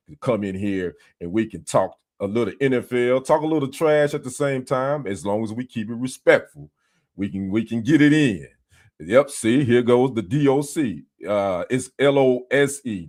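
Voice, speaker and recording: A man's voice: mid-range voice, a little mellow. This is a man hosting a live sports stream, talking straight to his chat in a casual, easygoing way. He calls out viewers by name and trades light trash talk with rival fans. His voice sits in a middle register. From United States. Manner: chatty, greets viewers by name, teasing banter. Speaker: sports livestream host. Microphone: streaming setup.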